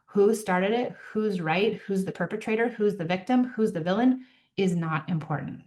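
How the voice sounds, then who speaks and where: A middle-aged woman coaching parents in an earnest way, acting out calm lines for them to say to their children. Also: medium pitch, moderate pace. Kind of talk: parenting advice talk.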